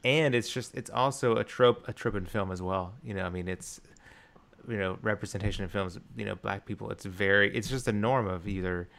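A man with a fairly low voice co-hosts a casual film podcast. He talks with eager enthusiasm, circles back often and fills gaps with "you know". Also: brisk, creaky, fairly bright tone. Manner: enthusiastic, rambling with many restarts and fillers. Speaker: podcast co-host.

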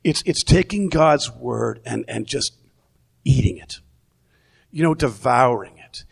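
Male pastor, unhurried sermon delivery, gravelly tone, conversational with restarts. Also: medium pitch, lively intonation. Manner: conversational, repeats words while thinking.

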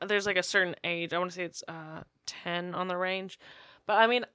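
Female co-host, bright voice, giggly and animated banter. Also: lowish voice, moderate pace, clear, resonant tone, no echo, studio quality. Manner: giggly, animated, laughs often. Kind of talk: casual comedic chat.

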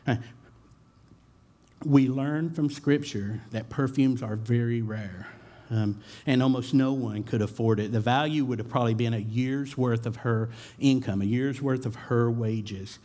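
A man's voice: medium pitch, unhurried, warm tone. A man giving a sermon, talking in a casual, conversational way with frequent fillers and repeated starts. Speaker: pastor.

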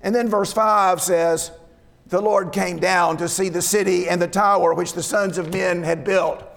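A man's voice: sits high, fairly even intonation, unhurried, vocal fry, fairly bright tone. A man preaching a sermon, reading verses aloud and explaining them in an earnest way, often repeating his words. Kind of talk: sermon on Scripture. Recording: long reverb of a hall.

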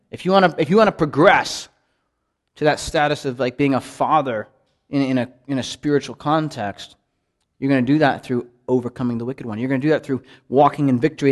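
Earnest, fairly high-voiced male Bible teacher. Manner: earnest, animated, lots of rhetorical questions. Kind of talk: conversational Bible study teaching.

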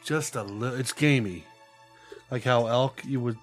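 A man's voice: medium pitch, normal speed, soft background music. A man co-hosting a podcast in casual chat, joking, swearing and laughing often. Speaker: podcast co-host.

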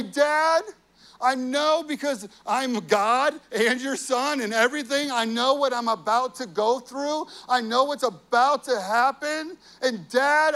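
A man's voice: very high-pitched, sharp tone, voice pushed up, full character voice. A man voicing Jesus as a frightened son pleading with his father, urgent and repeating his calls.

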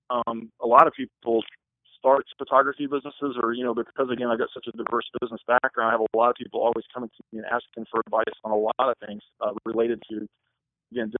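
A man's voice: mid-range voice, expressive, quick pace, vocal fry, dry recording. A man on a thin, phone-like line, talking in an earnest, rambling way. He answers interview questions casually as a wedding photographer. The sound is dry and close, with no room around it.

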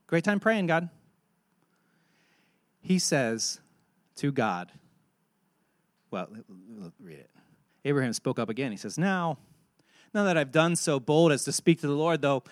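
Animated preaching man, dry close sound. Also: on the high side, no echo. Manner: animated preaching, acts out dialogue. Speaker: pastor. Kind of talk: sermon.

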